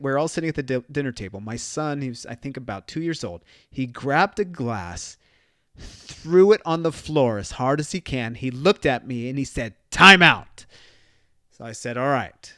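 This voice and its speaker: A man's voice: mid-range voice, animated, moderate pace, no echo, clean studio sound. A man in his thirties hosting a solo podcast, telling parenting stories in a conversational way and acting out bits of dialogue. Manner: conversational storytelling with quoted dialogue. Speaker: podcast host.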